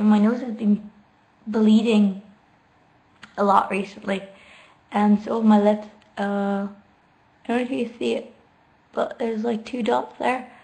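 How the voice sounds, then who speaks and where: A woman's voice: medium pitch, vocal fry, a little mellow. A woman in a casual late-night livestream from home, talking into her laptop while sitting on the floor, chatty and giggly as she reads out viewer questions and answers them. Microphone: laptop microphone.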